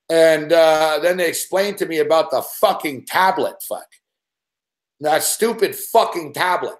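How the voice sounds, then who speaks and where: A man's voice: a little high, measured pace. A man hosting a show, telling a long profane story in an agitated, swearing rant. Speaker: show host.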